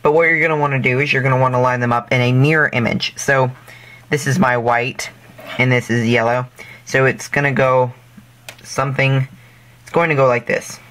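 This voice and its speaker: A man's voice: mid-range voice, steady tone, normal speed, fairly bright tone. Rambling man giving a casual craft tutorial. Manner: rambling, loose, full of fillers and self-corrections; jokey and self-deprecating asides.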